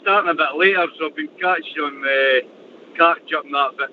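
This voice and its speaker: Chatty older Scottish trucker calling in. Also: male voice, fairly high pitch, brisk. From Fife, Scotland. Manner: chatty, repeats words when starting a thought. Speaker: caller, truck driver. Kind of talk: casual call-in chat. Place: in his truck while driving. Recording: muffled call line, faint noise.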